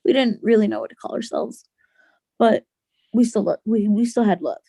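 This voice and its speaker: Woman, young adult, podcast guest, gravelly fry, mellow dark tone, earnest halting storytelling. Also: on the high side, dry recording. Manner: earnest, halting, with many restarts. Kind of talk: personal storytelling in a podcast interview.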